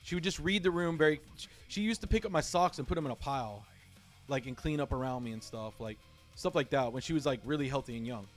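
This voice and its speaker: A man's voice: mid-range voice, fast talker, soft background music. A man hosting a livestream, telling a personal story in a rambling way, correcting himself often and using lots of fillers. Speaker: livestream host. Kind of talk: emotional personal story on stream.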